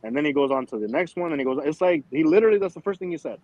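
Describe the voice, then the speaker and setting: A man's voice: fairly high pitch, lively intonation, very fast, darkish tone, low-quality recording. A man hosting a casual livestream chat, rambling and swearing with lots of fillers, talking over an online call. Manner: rambling, profane, with frequent fillers. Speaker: show host.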